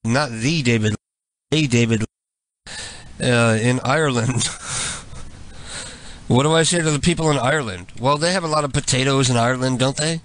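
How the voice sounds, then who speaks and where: A man's voice: mid-range voice, normal speed, long pauses, a bit bright, dry recording. A man hosting a prank call show, joking playfully between calls. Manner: playful, laughing asides. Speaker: radio prank call host.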